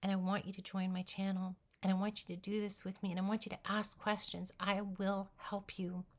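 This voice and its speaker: A woman's voice: mid-range voice, little pitch movement, a little fast. Earnest woman giving motivational encouragement. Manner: speaks directly to the viewer. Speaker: weight-loss vlogger. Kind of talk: motivational talk to camera.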